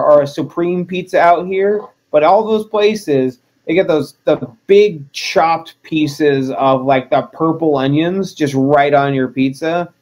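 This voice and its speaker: A man's voice: a little high, a little mellow. A man, a wrestler as interview guest, chatting casually in a joking, self-deprecating way.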